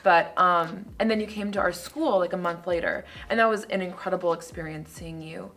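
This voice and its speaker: A woman's voice: on the low side, fairly quick, slight background noise. A young adult woman talking as a guest in an interview, telling stories casually with lots of filler words. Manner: casual, animated storytelling with many fillers. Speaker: guest poet.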